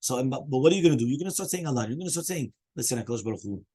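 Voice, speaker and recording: A man, a rabbi, teaching a daily Talmud lesson to students. He talks in an animated way, weaves Hebrew and Aramaic terms into his explanations, and keeps asking "right?" and "you understand?". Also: on the high side, racing, breathy edge.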